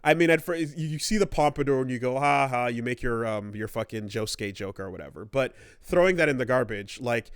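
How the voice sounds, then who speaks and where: This is a man co-hosting a casual gaming podcast, rambling and swearing as he acts out characters' lines. His voice is smooth and resonant. The sound is dry and close. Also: medium pitch, a little fast, hardly any pauses, dry recording. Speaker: podcast co-host.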